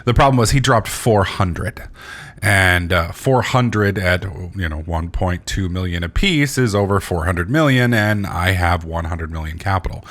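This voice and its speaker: A sleepy man talks through his gameplay in a somewhat low voice, rambling along with plenty of fillers and restarts. He swears freely and keeps it casual, like a regular gaming channel host. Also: expressive, a little slow, fairly bright tone.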